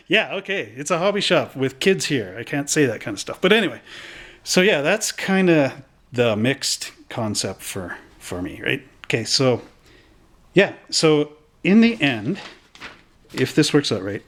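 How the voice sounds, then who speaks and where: A man's voice: mid-range voice, expressive, moderate pace. A man hosting from a hobby shop, rambling through game rules in a casual, self-correcting way.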